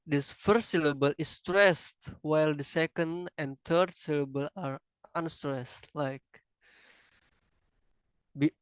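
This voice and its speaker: Slow halting man giving a class presentation. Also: a little high, clean tone, dry recording, poor audio. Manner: halting, self-correcting, non-native phrasing. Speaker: student presenter.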